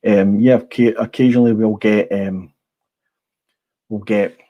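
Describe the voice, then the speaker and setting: A man's voice: on the low side, steady tone, a little slow, highs cut off. A middle-aged Scottish man hosting a casual livestream, blunt and rambling, swearing freely. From Scotland. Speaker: livestream host. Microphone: small clip-on mic.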